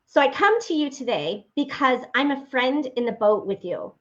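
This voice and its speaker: A woman with a somewhat high voice tells her faith story to listeners, animated and earnest. The recording is dull and lo-fi, with the top end rolled off. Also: moderate pace, hardly any pauses. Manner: animated storyteller acting out remembered dialogue; earnest, direct address to listeners. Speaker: faith-based motivational speaker. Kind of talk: personal testimony talk.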